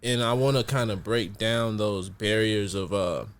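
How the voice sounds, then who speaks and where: A man's voice: fairly low pitch, fairly even intonation, measured pace, fairly bright tone, clear, resonant tone. Reflective male podcast host explaining. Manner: reflective, explains at length with many fillers. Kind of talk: casual podcast chat.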